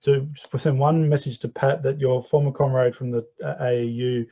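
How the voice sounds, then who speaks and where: A man hosting an online forum, hesitant and friendly with frequent pauses. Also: medium pitch, steady tone, mellow. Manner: hesitant, many fillers, friendly. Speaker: forum host. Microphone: video call. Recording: dull lo-fi video call audio.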